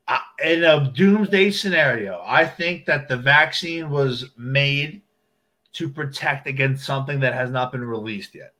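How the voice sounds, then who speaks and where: A man co-hosting a casual chat, animated and acting out imagined voices as he argues. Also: mid-range voice, a little slow. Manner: animated, acts out voices in quotes.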